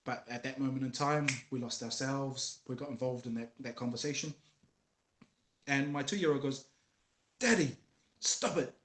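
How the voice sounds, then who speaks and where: A man's voice: mid-range voice, fairly even intonation, moderate pace, roomy sound, a little hiss or hum. A man talking earnestly about fatherhood as a guest, telling stories from family life. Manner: earnest, storytelling, acts out voices of his kids. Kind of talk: casual conversation about fatherhood.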